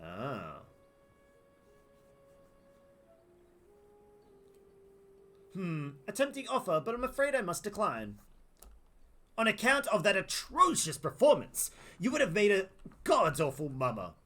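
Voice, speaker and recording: A man's voice: high voice, huge pitch swings, moderate pace, a bit bright, slight background noise, heavily acted. An Australian man reading game lines for a refined, sarcastic male adventurer with a mock-polite delivery. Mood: dry.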